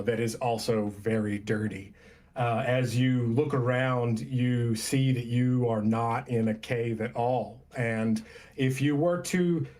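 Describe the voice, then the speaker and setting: A man narrating a tabletop game as game master, unhurried and descriptive with many pauses and fillers. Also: mid-range voice, a little mellow.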